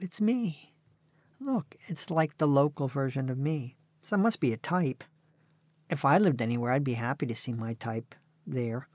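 Guesting in an interview, an author in his sixties spins dry, self-deprecating stories in conversation. He has a medium-pitched, slightly mellow voice with vocal fry, and there is no room sound.

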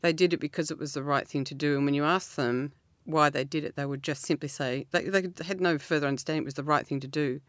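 A middle-aged woman, talking earnestly as an interview guest, laughing often and jumping up in pitch. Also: steady tone, fast, hardly any pauses, no room sound, studio quality. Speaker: author guest. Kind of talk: reflective interview talk.

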